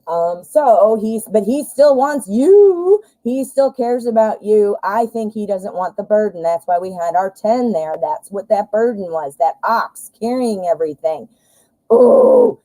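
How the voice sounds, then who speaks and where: A woman hosting a live tarot reading, chatty and excitable, who blurts out exclamations. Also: medium pitch, a little slow, hardly any pauses, no room sound, rough recording.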